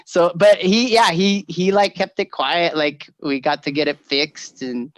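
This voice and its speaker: A man telling family stories in casual chat, animated and quick to laugh, acting out the voices of the people in them. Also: a little high, noisy background. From California. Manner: animated storyteller, laughs often, acts out voices.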